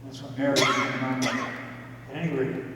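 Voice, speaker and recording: A man's voice: mid-range voice, little pitch movement, quick pace. A man giving a talk in a church, retelling a story in a casual, emphatic way. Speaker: guest speaker. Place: large church. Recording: echoey hall, distant mic, faint noise.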